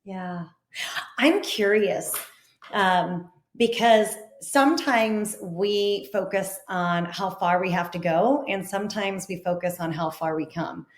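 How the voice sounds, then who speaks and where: A woman's voice: mid-range voice, takes it slowly. Encouraging woman host in an echoey room. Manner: encouraging, reflective, laughs easily. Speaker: podcast host. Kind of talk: interview conversation.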